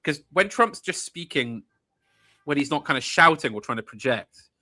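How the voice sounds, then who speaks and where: A man co-hosting a casual podcast chat, excitable and often searching for words. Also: on the high side, normal speed, dry recording. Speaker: podcast co-host.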